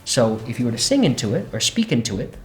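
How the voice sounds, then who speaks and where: A man hosting a relaxed synth demo lesson, often checking in with "right?" as he explains. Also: medium pitch, fast talker. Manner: relaxed, says "right?" a lot. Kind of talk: casual instructional demo. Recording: roomy echo.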